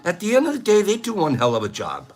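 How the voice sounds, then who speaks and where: This older host speaks high and fast over faint background music in a casual live stream. He's talkative and laughs frequently, performing the quoted voices in his anecdotes.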